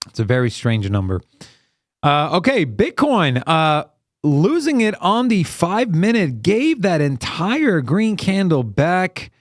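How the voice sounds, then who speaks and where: A man's voice: mid-range voice, dry recording, clean studio sound. Hyped man calling live chart trades. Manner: hyped, chatty, talks to chat by name. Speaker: live trading stream host. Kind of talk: casual live-stream chart commentary.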